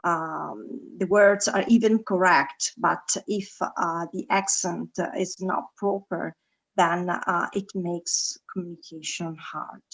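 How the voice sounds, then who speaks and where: Casual: lady student, low creaky voice, really slow and unsure, lots of uh. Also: fairly even intonation, rough recording. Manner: hesitant, searching for words. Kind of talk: class discussion.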